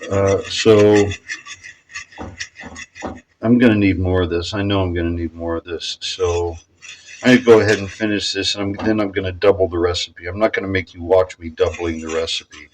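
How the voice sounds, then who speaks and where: A man's voice: deep voice, fairly even intonation, normal speed, slight background noise, poor audio. A man casually talking through a recipe in his home kitchen, rambling and correcting himself as he goes. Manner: rambling, self-correcting, chatty. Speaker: cooking vlogger. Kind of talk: casual cooking demonstration.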